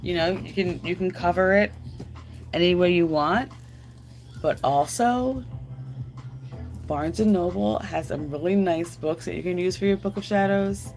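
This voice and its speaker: A woman's voice: on the low side, unhurried, pauses often, a little mellow. A woman live streaming, chatting casually and rambling to her viewers while answering their comments aloud.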